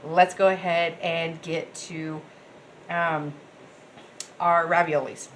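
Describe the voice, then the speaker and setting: A woman's voice: sits low, level tone, slow pace, a little hiss or hum. A woman, chatting casually and rambling cheerfully to her viewers as she cooks in her home kitchen. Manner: bubbly, rambling, talks straight to viewers. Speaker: cooking vlogger. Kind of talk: casual chatty cooking vlog.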